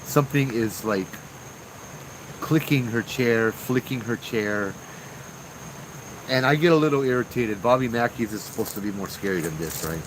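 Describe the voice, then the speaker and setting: A man, a storytelling host chatting casually and relaxed with his viewers as he tells ghost stories. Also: medium pitch, normal speed, pauses often, noisy background. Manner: chatty, relaxed, talks to chat. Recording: outdoor ambience with crickets and insects.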